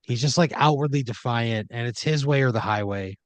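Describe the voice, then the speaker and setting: Here a comedy podcast host, male, talks a little fast in a mid-range voice, with no echo. He rambles through an improvised story aimed at "you," using many fillers and sometimes jumping into quoted voices.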